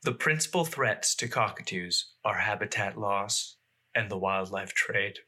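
A man's voice: fairly low pitch, lively intonation, unhurried, bright, forceful tone. A man from the Boston area co-hosting a podcast, reading facts aloud in casual chat and laughing often. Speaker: podcast co-host.

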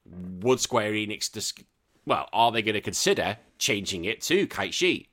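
A man's voice: on the low side, very animated, moderate pace, a bit bright. A British man hosting a retro gaming podcast, chatting casually and rambling, correcting himself and laughing as he goes. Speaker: podcast host. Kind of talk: casual solo chat.

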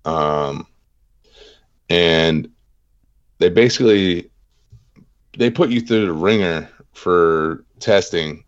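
A man's voice: deep voice, slow pace, pauses often, lo-fi sound. A man in his thirties, a veteran guest on an interview podcast, telling his story plainly in a casual, self-deprecating way. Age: 30s.

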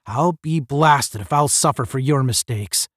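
A man's voice: medium pitch, measured pace, a bit bright, no echo. A man reading as an earnest young cadet. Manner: earnest, a little hesitant. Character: earnest young male space cadet, peacemaker.

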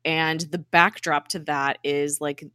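A woman's voice: sits low, steady tone, slow, pushed and bright, clear, resonant tone, no echo, clean studio sound. A woman recapping a TV episode in a chatty way. She acts out the characters' lines and fills her speech with "like". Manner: chatty retelling, acts out dialogue, many "like" fillers. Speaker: podcast host recapping a TV episode. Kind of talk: casual chat.

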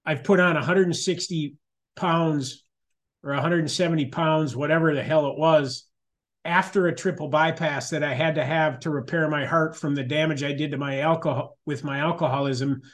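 A man's voice: fairly high pitch, steady tone, normal speed, fairly bright tone. A middle-aged man sharing his personal recovery story at a support meeting, candid and conversational, with frequent restarts and asides.

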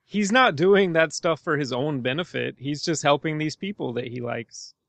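A man's voice: fairly high pitch, moderate pace, vocal fry, a bit bright, no echo. Rambling, laughing man on a podcast. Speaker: podcast co-host. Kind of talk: casual movie discussion.

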